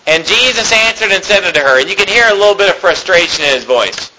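High, bright-voiced preacher giving a sermon. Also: male voice, lively intonation, quick pace, slight background noise, low-quality recording. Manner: reads scripture aloud, then explains it conversationally. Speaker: pastor.

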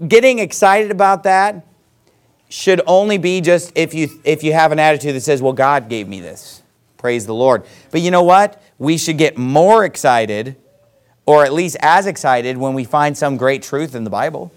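This middle-aged man preaches from the Bible, first reading verses slowly, then explaining them in an emphatic, homespun style. He has a smooth, slightly high voice.

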